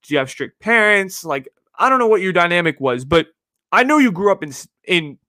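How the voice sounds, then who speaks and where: Rambling young man, bright voice. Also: high voice, big pitch swings, fairly quick, dry recording, studio quality. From San Francisco Bay Area. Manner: rambling, repeats himself, heavy on "like" and "you know". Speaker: podcast host. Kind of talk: casual one-sided podcast monologue.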